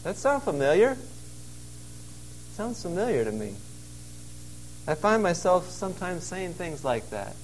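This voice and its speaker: Earnest preaching man, fairly high voice. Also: big pitch swings, a little slow, long pauses, a little hiss or hum, low-quality recording. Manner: earnest, conversational preaching with emphatic quoted lines. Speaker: pastor. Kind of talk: sermon. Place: outdoors in a wilderness cave.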